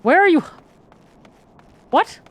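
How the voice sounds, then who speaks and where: A woman's voice: slow, no echo. A woman from Germany streaming a game, chatting casually with a cold, laughing at herself and stumbling over her words. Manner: giggly, self-mocking, stumbling over words. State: has a cold. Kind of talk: casual gameplay chat.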